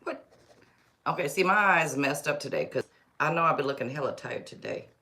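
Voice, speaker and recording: A woman's voice: low voice, expressive, fairly quick, bright, forceful tone. Rambling woman chatting on a live stream. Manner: rambling, chatty, talks to herself. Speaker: tarot reader livestream host. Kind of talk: casual livestream chat.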